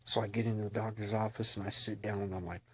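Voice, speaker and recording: A man's voice: lowish voice, flat delivery, fast talker, husky. A man giving an earnest personal testimony, talking bluntly and slangily and addressing his listeners directly. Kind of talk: emotional personal testimony to camera.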